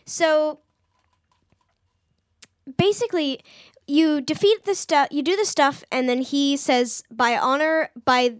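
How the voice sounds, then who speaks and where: A woman's voice: sits high, lively intonation, takes it slowly, pauses often, dry recording, studio quality. A young woman co-hosting a podcast in casual chat, bubbly and rambling with giggles. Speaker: podcast co-host.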